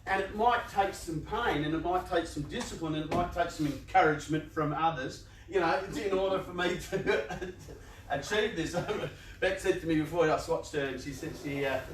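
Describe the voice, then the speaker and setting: A man with a fairly high voice gives a playful, conversational motivational talk to a room full of people. The sound echoes around the space, and his voice is picked up from a distance with faint ambience underneath. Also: normal speed, a little hiss or hum. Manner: conversational, playful, laughs often and acts out inner voices. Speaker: youth organisation speaker. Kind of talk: motivational talk to a live audience. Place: large room with an audience.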